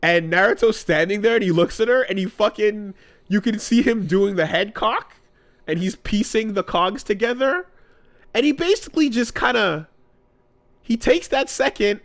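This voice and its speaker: A man's voice: high-pitched, moderate pace. A man co-hosting a casual podcast, retelling a story with acted-out character voices and lots of swearing. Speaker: podcast co-host.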